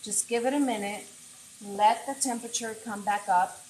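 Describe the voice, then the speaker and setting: A woman chef hosts a casual cooking livestream from her home kitchen, talking straight to her viewers as she works. Her voice sits at a middling pitch and comes through an earbud mic. The room sounds echoey, with a faint frying sizzle behind her. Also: normal speed, a little mellow, a little hiss or hum. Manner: chatty, talks straight to viewers while cooking. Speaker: chef and host.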